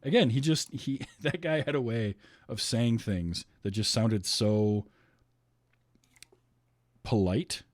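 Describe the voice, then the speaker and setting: A podcast host chats casually with friends about a film, laughing a lot and dropping sarcastic asides. His medium-pitched, slightly mellow voice moves slowly with frequent pauses, captured in a dry, studio-quality recording.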